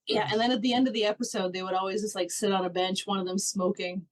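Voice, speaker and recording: A woman's voice: mid-range voice, fairly even intonation, quick pace. A woman co-hosting a casual podcast. She tells stories in a chatty, easygoing way, laughing along as she goes. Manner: chatty, storytelling, laughs often. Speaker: podcast co-host. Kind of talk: casual chat.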